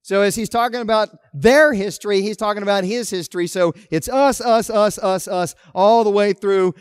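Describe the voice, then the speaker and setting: Man, pastor, sermon, emphatic, slightly high voice, dry sound. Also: fairly even intonation, moderate pace, clean tone, no echo. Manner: emphatic, swinging between loud stresses and quiet asides.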